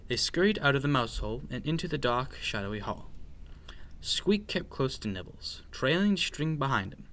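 A man reading a children's picture book aloud in an expressive, playful, sing-song way. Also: medium pitch, moderate pace. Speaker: storyteller.

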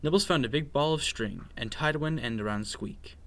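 A man reading a children's picture book aloud in an expressive, playful, sing-song way. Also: a little high, moderate pace. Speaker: storyteller.

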